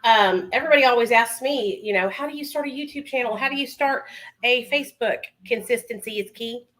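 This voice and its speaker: A woman's voice: fairly high pitch, fairly quick, a bit bright. A woman chatting casually with her livestream viewers from home while doing her makeup, calling them honey and baby. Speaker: livestream host.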